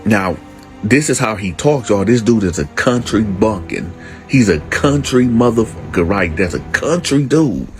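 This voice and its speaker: A man's voice: lowish voice, lively intonation, unhurried, soft background music. A man who hosts a channel, casually and emphatically telling a prison story and often calling out to his listeners. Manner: emphatic, streetwise, keeps addressing the audience.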